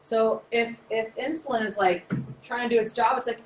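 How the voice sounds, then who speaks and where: A woman in her thirties, a naturopath, explaining science in a chatty, animated, nerdy way. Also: on the high side, moderate pace. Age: 30s. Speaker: naturopath presenter. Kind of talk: casual explanatory talk. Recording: echoey room, faint noise.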